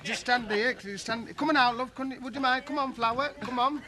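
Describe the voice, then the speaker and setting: A man's voice: very high-pitched, brisk, crowd noise. A man hosting a TV game show, jokey and chummy, calling everyone love and flower. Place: TV studio with live audience. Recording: old broadcast tape with audience and hiss. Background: studio audience.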